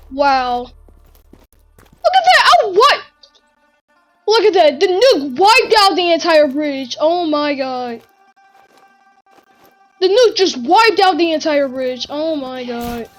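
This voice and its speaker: High-voiced excitable woman gaming. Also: takes it slowly, soft background music, rough recording. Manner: excitable, gasping exclamations. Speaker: gamer. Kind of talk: gaming commentary.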